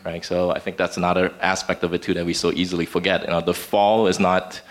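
Low-voiced man explaining scripture. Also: level tone. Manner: measured, explanatory, some restarts. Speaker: church group member. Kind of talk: casual teaching in group discussion.

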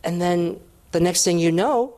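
A woman's voice: fairly low pitch, unhurried, dark tone. A woman giving a devotional sermon, earnest and emphatic, sometimes restarting her sentences. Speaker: Bible teacher.

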